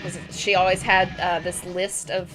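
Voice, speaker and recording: A woman's voice: on the low side, flat delivery, unhurried. A young woman streamer rambling through casual stories while gaming, laughing often, with game music playing behind. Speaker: live streamer. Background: video game music.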